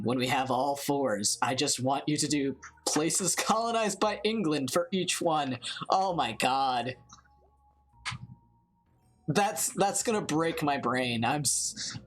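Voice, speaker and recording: A woman hosting a let's play, chatting casually and reading game dialogue aloud in a giggly, self-mocking way. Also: extremely low pitch.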